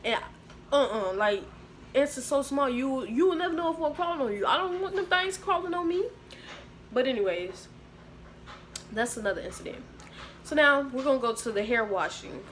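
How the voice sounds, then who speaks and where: A young adult woman telling a storytime vlog in an animated, slangy way, acting out what other people said. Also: high-pitched, moderate pace, long pauses, a little hiss or hum. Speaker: vlogger.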